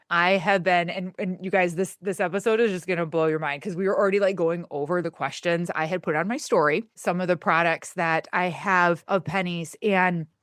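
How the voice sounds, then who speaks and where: A woman with a Michigan accent hosting a podcast, chatting in a gushing, excitable way full of "like". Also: on the low side, dry recording, studio quality. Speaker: podcast host. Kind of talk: casual podcast chat.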